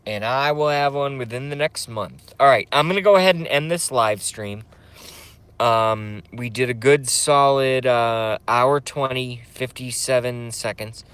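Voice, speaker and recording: A man's voice: mid-range voice, a little slow, a bit bright, clear, resonant tone, no room sound. A man hosting a casual livestream, rambling, swearing, and reading out viewer comments. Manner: rambling, profane, emotional; reads chat comments aloud. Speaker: livestream host.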